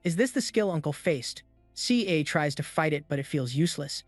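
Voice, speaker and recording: Male recap narrator over soft music. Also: fairly high pitch, animated, moderate pace, dry recording. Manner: reads every character's lines in his own voice. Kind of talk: scripted narration.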